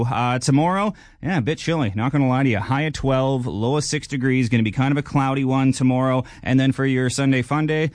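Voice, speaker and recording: A man's voice: medium pitch, a little fast, few pauses, dry recording, studio quality. A man giving a loose, chatty weather forecast, cheering on the local team between temperatures. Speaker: weather presenter.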